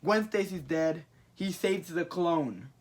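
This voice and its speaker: A man on a podcast, casually retelling a comic storyline and acting out the characters' lines in excited bursts. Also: fairly high pitch, slow pace. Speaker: podcast co-host recapping a comic. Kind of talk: casual chat.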